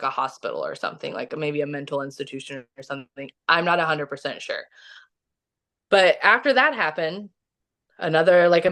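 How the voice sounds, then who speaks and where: A fairly low-pitched woman with a fairly bright tone, from Kansas City, Missouri, in the US Midwest, is a podcast guest recounting a story. She rambles casually, leaning on "like" and starting over often.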